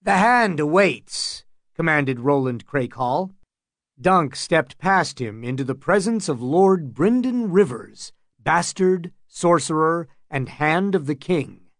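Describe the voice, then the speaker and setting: Male audiobook narrator; slow, even storytelling, dry studio sound. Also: a little high, no echo. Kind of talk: scripted fantasy narration.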